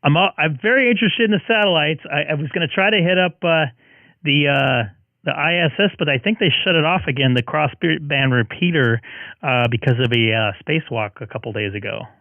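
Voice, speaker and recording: Casual ham radio host, a man going hoarse, relaxed and halting, dry close mic. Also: fairly high pitch, dry recording, narrow, tinny audio. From Southern California. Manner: relaxed, halting with many fillers. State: losing his voice. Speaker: ham radio live streamer.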